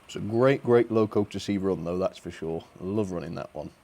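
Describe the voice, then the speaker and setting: A man's voice: sits low, brisk, dark tone. A young man hosting a model railway live stream, chatting cheerfully and thanking viewers, with fillers and little laughs. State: a bit out of breath.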